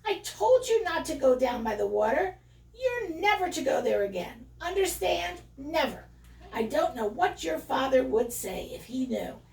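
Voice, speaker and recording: A fussing, scolding mother sow with a shrill, high, swooping voice, as a woman puts her on. The storybook reading sounds gravelly and roomy, set back from the mic. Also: very animated, unhurried, distant mic, heavily acted.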